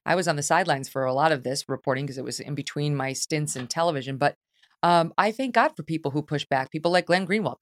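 A woman hosting a casual panel chat, blunt, animated and teasing. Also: sits low, no echo, studio quality. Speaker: podcast host.

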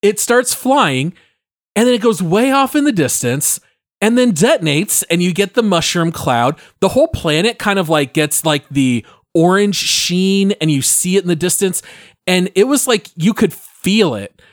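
A man's voice: high-pitched, expressive, moderate pace, no echo, clean studio sound. A man co-hosting a gaming podcast, casually walking through a memory step by step. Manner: descriptive, step-by-step explainer. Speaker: podcast co-host. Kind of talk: casual chat.

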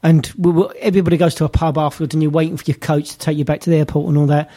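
A man in casual podcast chat, throwing in quick, wry interjections and stories. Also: a little high, little pitch movement, dark tone.

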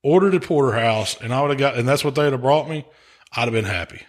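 A man, hosting a casual podcast chat in a relaxed drawl and chuckling often. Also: medium pitch, fast talker. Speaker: podcast host, pitmaster.

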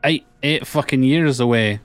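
A man's voice: mid-range voice, moderate pace, no room sound. A man playing a tabletop game, speaking bluntly and swearing casually. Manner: blunt and profane. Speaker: player. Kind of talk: casual in-character play.

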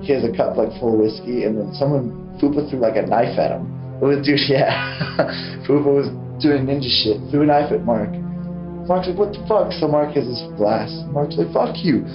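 A male band vocalist recounts stories in a casual, slangy interview and laughs easily as he talks. The archival recording is roomy and a little dull. Loud music runs underneath, and his pitch stays in the ordinary middle range. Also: moderate pace. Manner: laid-back, slangy, laughing as he tells stories.

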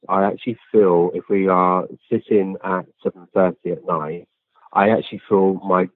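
Heard over a tinny phone line with a dry sound, a deep-voiced man serves as an interview guest and describes his work as a physical medium through easygoing stories. His delivery is plain and sincere, broken up by plenty of ums and false starts.

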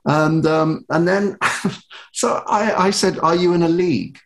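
A man's voice: fairly high pitch, unhurried. A man, a podcast guest, telling self-deprecating anecdotes with lots of restarts and quoted dialogue. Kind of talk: anecdotal storytelling.

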